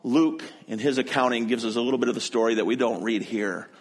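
A man's voice: mid-range voice, fast. A man preaching a sermon, retelling a scripture story in a conversational, storytelling manner. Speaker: pastor.

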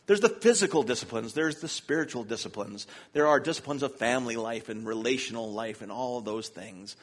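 A man's voice: medium pitch, brisk. A man from the US South preaching a sermon in church, telling self-deprecating stories with humor. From Charlotte, North Carolina, US. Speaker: pastor. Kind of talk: sermon with personal storytelling.

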